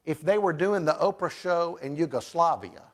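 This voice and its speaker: A man's voice: fairly high pitch, lively intonation, normal speed, very noisy. A man hosting a comedic talk show interview, joking and emphatic.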